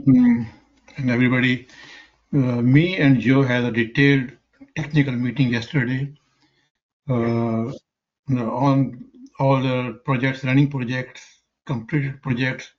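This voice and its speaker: Casting: male staff member, halting spoken update, lots of fillers, lo-fi meeting audio. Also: medium pitch, steady tone. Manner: hesitant, many fillers. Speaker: construction staff reporting. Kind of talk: informal meeting report.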